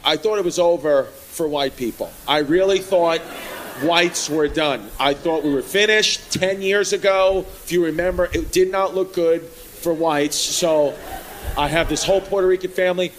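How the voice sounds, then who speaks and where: A man doing a stand-up set in a comedy club, riffing loudly with the crowd and working the room. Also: on the high side, moderate pace. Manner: loud, riffing, crowd work. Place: comedy club with live audience. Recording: live club recording with crowd noise.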